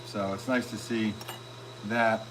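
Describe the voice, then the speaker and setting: Laid-back middle-aged dude chatting on a live stream from his pottery studio, rambly and jokey, lots of ums, steady hum behind him. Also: lowish voice, slow. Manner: easygoing, rambling, jokey with frequent ums and restarts. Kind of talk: casual live-stream chat with viewers.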